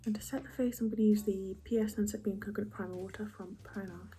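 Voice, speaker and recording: A young woman chatting casually through a makeup routine, soft and often half-whispered, chatty and self-mocking. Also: medium pitch, steady tone, fast, soft background music. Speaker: beauty vlogger.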